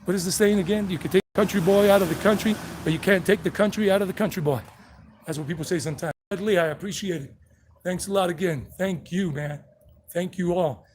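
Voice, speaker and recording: A man's voice: high voice, fast talker. A man with a mix of South Carolina and New York accents, chatting casually on a live-streamed walking tour, rambling as he walks outdoors and reads chat messages from his phone. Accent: mixed South Carolina and New York. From United States. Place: outdoors on city streets, traffic passing. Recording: faint street traffic noise.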